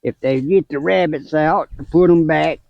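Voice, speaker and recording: Outdoors in a garden, an older man with a creaky voice shares folksy stories about his grandkids on a casual gardening vlog, speaking at a normal speed. He laughs between stories and his pitch rises as he tells them. The recording is dry and dull.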